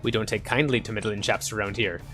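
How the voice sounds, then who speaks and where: A man's voice: on the low side, fairly even intonation, fast, a bit bright, faint music behind, voice pushed down, lightly acted. A man playing a pompous soldier goon. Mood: pompous threat. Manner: pompous, threatening. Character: haughty male British soldier goon.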